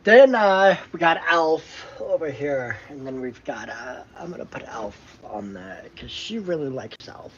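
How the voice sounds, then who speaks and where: A man talks slowly and loosely, stopping and restarting his sentences with plenty of fillers. The recording is dull and lo-fi, with a faint hiss behind him. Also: on the high side, animated. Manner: rambling, halting, with many fillers and restarts. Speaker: vlogger. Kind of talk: casual chat. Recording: dull lo-fi sound with faint noise.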